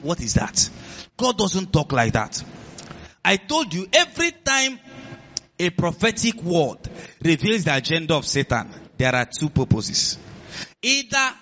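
A man preaching a sermon as pastor, animated, laughing and asking the congregation questions. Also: sits high, a little slow, highs cut off.

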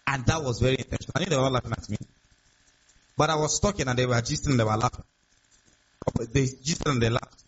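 A man's voice: mid-range voice, fast, pauses often, slight background noise. A man preaching a sermon as pastor, emphatic and repetitive, often asking the congregation rhetorical questions. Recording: dull lo-fi sound.

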